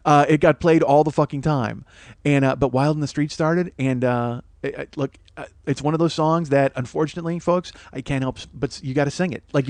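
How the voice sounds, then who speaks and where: Higher-voiced man ranting, dry studio sound. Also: dry recording. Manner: rambling, profane, self-mocking rant. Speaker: podcast host. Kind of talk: comedic storytelling monologue.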